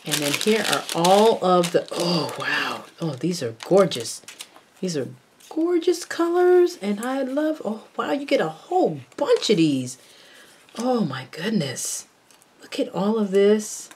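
A woman narrating a casual unboxing, gushing and exclaiming over each item and often dropping into soft murmurs. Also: fairly low pitch, big pitch swings, measured pace, a little hiss or hum. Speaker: craft vlogger unboxing a haul.

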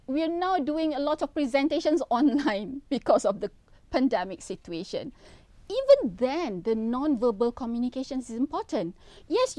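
A woman's voice: high-pitched, darkish tone, no echo. A middle-aged woman with a Malaysian English accent, giving a university lecture, often checking in with "okay?".

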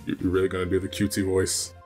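A man's voice: deep voice, very fast, faint music behind. A man co-hosting a let's play, teasing his partner and reading the game's text aloud. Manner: teasing, animated, needling his co-host. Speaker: co-host of a let's play channel. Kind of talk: casual gameplay chat, reading game text aloud.

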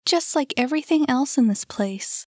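A woman voicing an eager young woman who is dreamy and easily enchanted, speaking high and breathless. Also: lively intonation, normal speed, dark tone, no room sound, clean studio sound. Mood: excited. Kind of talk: audiobook character reading.

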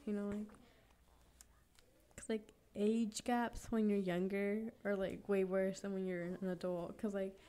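A teenage girl talking with friends in a mid-pitched voice. She rambles on as she explains her point, stacking up fillers. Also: level tone, measured pace, warm tone, clean tone. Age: teens. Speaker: podcast co-host. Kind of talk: casual chat.

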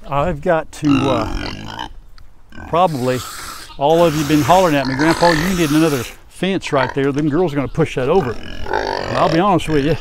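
An older man with a drawl talks in a folksy, rambling way as he walks around his farm. His voice sits a little high for a man. A lapel mic picks him up clearly, with faint farm sounds in the background. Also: wildly swooping pitch, moderate pace, noisy background. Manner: folksy, chatty, talks to animals and viewers. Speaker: farm vlogger. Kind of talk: casual farm vlog chat. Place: outdoors on a farm.

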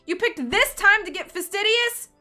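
A woman reading aloud, voicing an emotional young fashion designer who turns shrill when upset. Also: fairly quick, bright, forceful tone, soft background music. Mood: furious. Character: frantic young woman fashion designer, grieving, quick-tempered.

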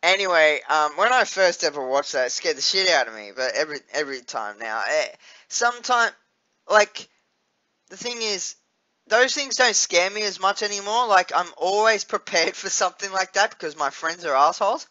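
High-voiced, rambling Australian man. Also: animated, normal speed, bright, forceful tone, lo-fi sound. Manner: rambling, with many fillers and restarts, swearing freely. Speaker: vlogger. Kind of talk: casual vlog chat.

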